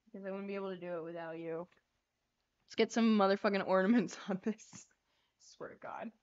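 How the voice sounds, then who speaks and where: A woman's voice: medium pitch, fairly quick, a little mellow, clean tone. A young woman hosting a casual livestream, flustered and laughing as she swears through tech trouble. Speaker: livestream host. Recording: lo-fi stream audio.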